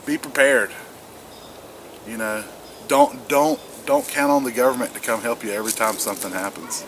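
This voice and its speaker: Speaking with a mid-range, sing-song voice at normal speed and a fairly bright tone, this South Carolina man vlogs about preparedness in wet woods. He's earnest yet rambling, repeating words and restarting sentences in a casual monologue to camera. Noisy outdoor audio picks up ambience and a far-off aircraft.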